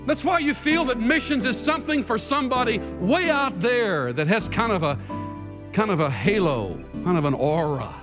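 A man preaching a sermon to a congregation, dramatic, moving from hushed tones to shouting. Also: high-pitched, big pitch swings, moderate pace. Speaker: pastor. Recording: long reverb hall with faint music.

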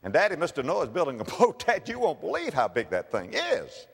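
An eager, breathless little boy, put on by a male preacher, words tumbling out as the pitch leaps up and down. The voice rings through a hall with a long, echoing tail. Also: huge pitch swings, brisk, vocal fry, fairly bright tone, slightly rough, full character voice. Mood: excited, eager. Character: excited little boy in Noah's time.

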